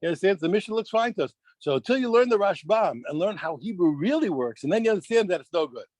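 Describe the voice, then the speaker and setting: A man teaching a daf yomi Talmud class, animated, restarting phrases and quizzing his students. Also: sits high, quick pace, no room sound.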